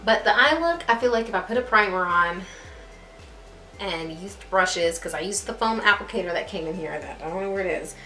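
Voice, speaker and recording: A woman's voice: mid-range voice, animated, brisk, sharp tone. Chatty young woman vlogger in an echoey room. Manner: chatty, self-deprecating, laughs at herself. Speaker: beauty vlogger. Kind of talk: casual rambling chat to camera. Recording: echoey room with faint music.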